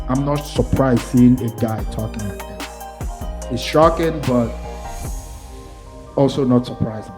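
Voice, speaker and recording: A man hosting a reaction commentary video, talking in a rambling, hedging way and often restarting his sentences. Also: medium pitch. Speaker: commentary channel host.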